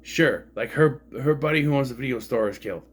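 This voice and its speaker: A man's voice: medium pitch, fairly quick, breathy edge. A man casually reviewing a film, rambling and frank, swearing freely as he complains. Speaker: movie reviewer.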